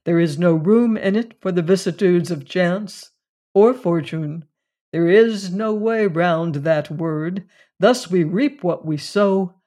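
Reader doing a grave old-fashioned man, slow and weighty, like a preacher. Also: high voice, mellow. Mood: solemn. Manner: measured and weighty. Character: grave, solemn man who reasons like a preacher.

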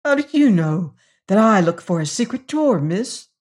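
A man's voice: high voice, big pitch swings, normal speed. A narrator voicing a cringing, blackmailing male servant who pleads with tremulous eagerness and turns silky. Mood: startled. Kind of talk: audiobook character reading.

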